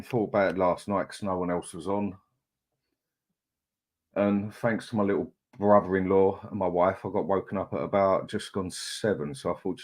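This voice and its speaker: A man's voice: low-pitched, expressive, normal speed, long pauses, darkish tone. A middle-aged man, hosting a casual live chat, greeting viewers in a chatty, laid-back way. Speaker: livestream host.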